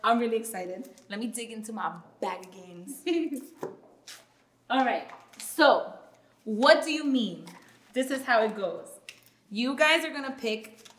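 A woman's voice: fairly high pitch, animated, unhurried, pauses often, fairly bright tone, a little hiss or hum. A woman hosting a podcast, chatting casually and frankly and laughing often as she interviews her guests. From New York. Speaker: podcast host. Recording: echoey room.

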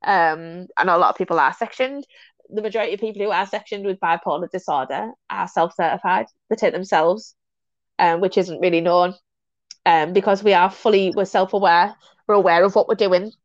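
A woman's voice: fairly low pitch, brisk, dry recording. A woman, a guest in a casual conversation, telling stories with frequent laughs and restarted phrases. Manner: chatty, animated storyteller who laughs often and restarts phrases. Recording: dull, dry lo-fi sound.

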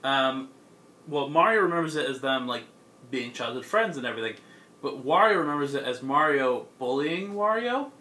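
Bright-voiced young man recapping casually. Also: medium pitch, expressive, moderate pace. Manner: rambling, filler-heavy, laughs often. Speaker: podcast co-host. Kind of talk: casual chat, recapping a comic.

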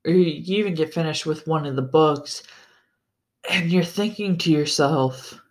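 An unhurried, mid-pitched podcast host talks casually about a book series on their own. They swear freely and get excited, often stumbling and starting sentences over. The delivery stays slow and drawn out throughout. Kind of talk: casual solo book-review chat.

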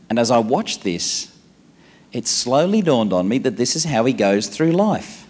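Animated man telling a story. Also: medium pitch, measured pace, husky. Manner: animated, playful storyteller who acts out dialogue. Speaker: motivational speaker. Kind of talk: storytelling conference talk. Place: live conference presentation.

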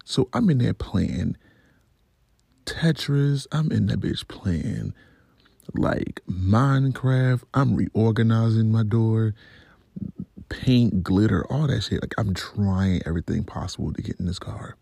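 A man's voice: on the low side, takes it slowly, gravelly, dark tone, husky, no echo. A man vlogger telling a story about his week in a casual, profane, rambling way.

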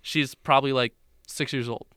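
A man's voice: mid-range voice, fairly even intonation, normal speed, pushed and bright, clean tone, dry recording, studio quality. A young man in casual chat, retelling a film in a rambling way full of fillers and restarts.

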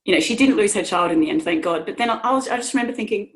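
A woman's voice: medium pitch, animated, very fast. Earnest woman sharing a personal story. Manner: earnest, emotional storytelling with many restarts. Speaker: podcast guest. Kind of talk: personal conversation.

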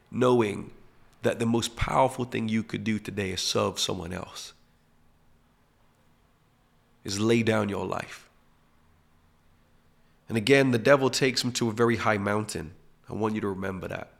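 A man hosting a podcast, giving a reflective spiritual teaching talk that drops to hushed emphasis. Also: on the low side, creaky. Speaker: podcast host.

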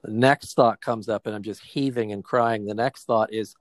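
Reflective man in his forties, low dry voice. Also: steady tone, moderate pace, no echo. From New Jersey. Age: 40s. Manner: reflective, retelling a therapy session with quoted dialogue. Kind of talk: casual personal storytelling.

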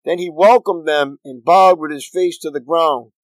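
A pastor reading scripture aloud in a steady, earnest manner. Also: male voice, fairly high pitch, moderate pace, no echo, poor audio.

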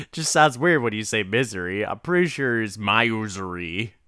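A man with a smooth, crisp, bright voice chats loosely about a movie. He rambles through his asides and laughs easily, recorded dry and close. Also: on the low side, expressive, a little slow, dry recording. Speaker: podcast co-host. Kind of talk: casual movie recap chat.

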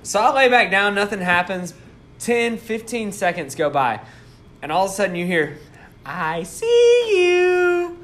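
Animated, high-voiced male podcast co-host. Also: slight background noise. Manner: animated storyteller, laughs often. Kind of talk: casual podcast chat.

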